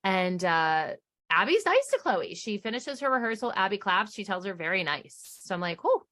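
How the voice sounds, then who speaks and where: A middle-aged woman co-hosts a chatty recap podcast, her voice bright and clear. She tells the story with animation and slips into quoted voices as she goes. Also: mid-range voice, sing-song, normal speed. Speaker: podcast co-host. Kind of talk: casual recap chat.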